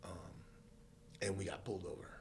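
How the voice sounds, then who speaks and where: A man's voice: brisk, slight background noise. A man from Southern California, a podcast guest, telling a story in a casual interview and acting out the voices of the people in it. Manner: animated storyteller who acts out quoted voices, laughs often.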